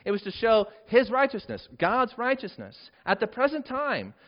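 A man preaching a sermon and teaching from scripture, with emphatic rises and drops in pitch and volume. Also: wildly swooping pitch, normal speed, muffled recording. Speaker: pastor.

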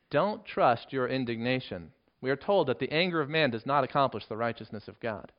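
A man's voice: mid-range voice, lively intonation, fairly quick, hardly any pauses. Earnest preaching man, lo-fi sound. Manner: earnest, emphatic preaching with sudden drops to a hushed voice. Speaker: pastor. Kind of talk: sermon. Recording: dull lo-fi sermon recording.

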